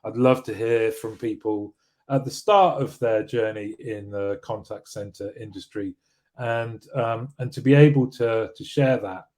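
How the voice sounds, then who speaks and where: A man with a fairly low, slightly mellow voice speaks at a measured pace while hosting a weekly live show. He chats casually, reads viewer comments, and rambles with plenty of restarts and fillers.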